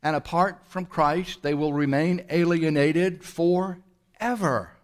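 This fairly high-pitched male pastor delivers a sermon, pushing the congregation with one rhetorical question after another. He alternates rapid bursts with slow, stretched-out phrases.

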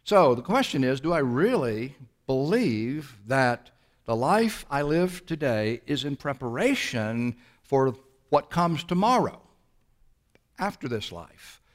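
A man preaching a sermon as pastor, pressing his listeners with rhetorical questions and shifting between quick bursts and slow, drawn-out phrases. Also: mid-range voice, sing-song.

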